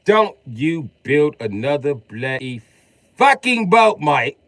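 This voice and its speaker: A man's voice: low-pitched, big pitch swings, unhurried, husky, voice pushed down, full character voice. A man voicing an indignant, mock-pompous English bloke, swearing in an exaggerated British put-on.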